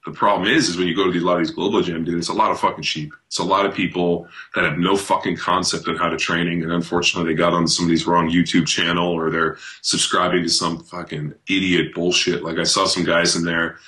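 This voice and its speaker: A man's voice: low-pitched, quick pace, few pauses. A man who is a podcast guest and former pro football player, talking bluntly in a casual interview and telling stories full of swearing. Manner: blunt, heavily profane, animated storytelling.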